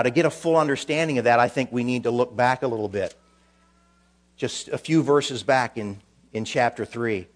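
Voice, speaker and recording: Pastor man preaching, goes quiet then real loud and emphatic. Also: medium pitch. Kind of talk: sermon.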